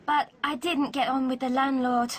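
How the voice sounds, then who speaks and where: A woman's voice: high-pitched, flat delivery, moderate pace. An actress playing a cheerful young woman chatting with friends in a scripted English learning radio drama. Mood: chatty.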